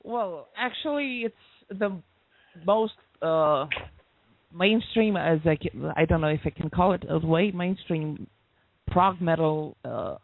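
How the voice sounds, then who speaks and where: A man's voice: a little high, slow pace, creaky, no room sound. A man from Greece, a musician guest in an interview, laughing often and searching for his words. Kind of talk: interview over a call. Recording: dry, tinny call line.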